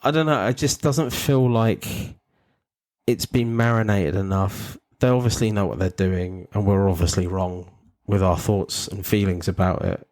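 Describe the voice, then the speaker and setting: A man with a lowish voice chats casually as a podcast co-host. He talks in loose, meandering sentences, restarting himself and laughing often. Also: steady tone, moderate pace, darkish tone. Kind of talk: casual chat.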